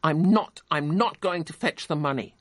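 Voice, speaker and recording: A man's voice: fairly high pitch, moderate pace, dry recording, natural voice. A man voicing a furious, sulky young boy in a reading of a novel. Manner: petulant, insistent.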